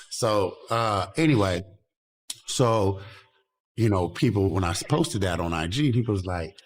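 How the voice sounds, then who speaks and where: A man casually telling a story as a podcast guest, animated and acting out the lines he quotes. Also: low-pitched, measured pace.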